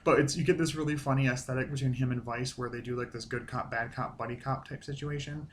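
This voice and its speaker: Casual guy rambling thru an episode recap, lots of ums, avg pitch, slight background noise. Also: steady tone, fast. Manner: rambling, lots of fillers and restarts, swears casually. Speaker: show review host.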